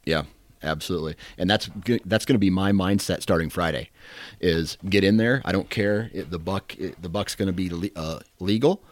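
A man's voice: low-pitched, no echo. A man hosting a hunting podcast, chatting casually, laughing easily and mocking himself. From Iowa. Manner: self-deprecating, laughs easily, halting. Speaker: podcast host.

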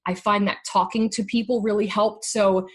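A middle-aged woman speaks in a husky, breathy voice, candid and heartfelt. She often stops and restarts mid-thought as she shares her story. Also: mid-range voice, steady tone, moderate pace. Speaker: guest sharing her story. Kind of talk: emotional personal conversation.

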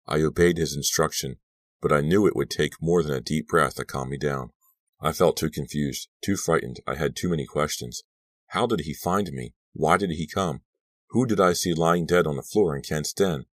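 A man narrating a horror audiobook in a measured, tense reading. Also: rumbling low, no room sound.

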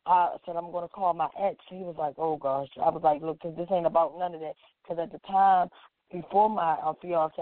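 A woman's voice: on the low side, no room sound. A woman casually recounting a personal story, animatedly acting out the dialogue of the people in it. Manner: animated, acts out quoted dialogue, frequent "like". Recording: dry, tinny phone-like sound.

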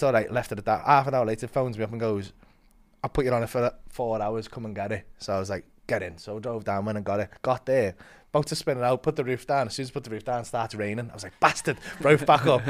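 A man telling a story as a comedian guest, swearing a lot and acting out quotes with big swings in loudness. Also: medium pitch. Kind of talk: animated storytelling.

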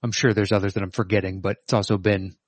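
Middle-aged male co-host, lowish voice, hesitant and thinking aloud. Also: level tone, fast talker, no room sound. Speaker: podcast co-host. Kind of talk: casual chat.

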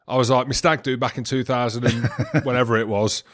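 A man's voice: medium pitch, a little fast, hardly any pauses. A man co-hosting a podcast, telling stories in boisterous, teasing banter. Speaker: podcast co-host. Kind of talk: casual banter.

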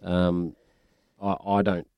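A man's voice: deep voice, little pitch movement, slow, smooth, lo-fi sound. A man hosting casual morning sports radio from a studio, chatty and joking, laughing easily. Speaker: radio sports show host.

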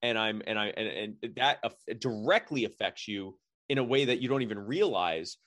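A man's voice: on the low side, moderate pace, fairly bright tone, no echo, studio quality. Rambling man in casual chat. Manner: rambling, many fillers and restarts.

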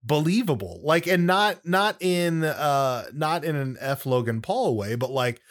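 A man's voice: a little high, expressive, unhurried, fairly bright tone. A man co-hosting a wrestling podcast in casual chat, joking and rambling with plenty of asides. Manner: chatty and jokey, with many fillers and asides.

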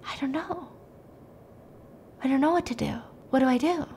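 A jittery male doctor who trips over his words and spirals into panic, as a woman acts him out in her retelling. The voice sits fairly high. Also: normal speed, dark tone, a little hiss or hum. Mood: nervous. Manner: stammering, frantic. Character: nervous middle-aged male doctor, panicky.

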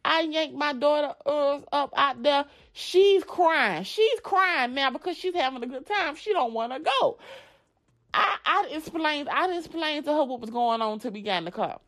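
A woman, telling a story to her viewers in a blunt, profane, animated way. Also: sits high, moderate pace. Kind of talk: casual storytime vlog.

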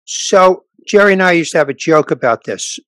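Sixties male comic, lively storyteller who plays every part, slightly high voice, dry close mic. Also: normal speed, no echo. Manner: animated storyteller acting out dialogue. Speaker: stand-up comedian guest. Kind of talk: casual storytelling chat.

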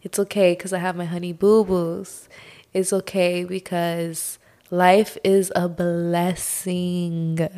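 A young woman hosting her own podcast, talking through a personal struggle in a slow, heartfelt monologue full of sighs and "like". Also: on the low side, flat delivery, mellow. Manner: slow, sighing, heartfelt, says "like" often. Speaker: podcast host.

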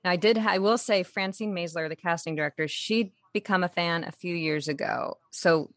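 Animated woman actor chatting and laughing in an interview, kinda low voice, dry sound. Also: moderate pace, no echo. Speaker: actress guest. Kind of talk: casual interview chat.

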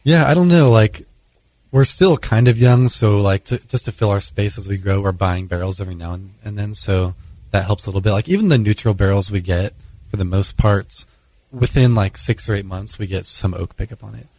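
A man in a casual interview, explaining his brewing in a relaxed way, with many fillers. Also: on the low side, fairly quick, no room sound. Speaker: brewer guest.

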